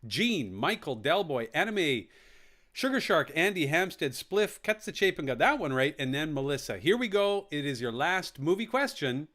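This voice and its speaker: A man's voice: fairly high pitch, big pitch swings, moderate pace, a bit bright. A man hosting a live online quiz, reading out questions and answer options and repeating them with jokey asides. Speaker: quiz host.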